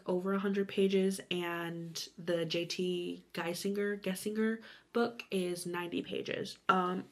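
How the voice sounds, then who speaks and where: A woman's voice: medium pitch, a little hiss or hum. A young woman chatting casually in a reading vlog from home, giggly and rambling, sometimes dropping to a whisper. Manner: giggly and rambling, many "like"s, drops to a whisper at times. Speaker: booktube vlogger.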